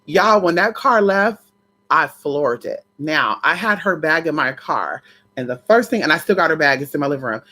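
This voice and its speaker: A woman with a somewhat low voice tells a personal story straight to her viewers. She is animated and salty-mouthed, and she keeps calling out to the audience as "y'all". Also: normal speed. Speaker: vlogger telling a personal story. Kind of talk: casual storytime.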